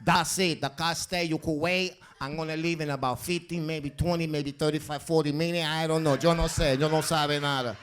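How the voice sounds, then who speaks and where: A woman's voice: deep voice, fairly even intonation, brisk, few pauses, slight background noise, natural voice. A man on a comedy stage putting on a tiny, stubborn old Latina woman who speaks broken English with a Spanish accent and stands her ground. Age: older. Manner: broken English, defiant, menacing.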